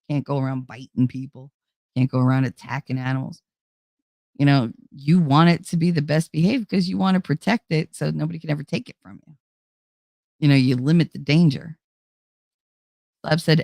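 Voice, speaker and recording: A woman hosting a casual livestream, talking straight to her chat in a blunt, outspoken way. Her voice sits a bit low for a woman, and she curses freely. The sound is close and dry, with no room echo at all. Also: vocal fry, a little mellow. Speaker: livestream host reading chat.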